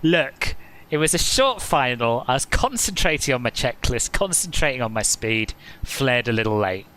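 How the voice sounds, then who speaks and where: A man's voice: mid-range voice, lively intonation, moderate pace, sharp tone. A man hosting a flight simulator live stream, chatting casually, answering viewers' comments and laughing often.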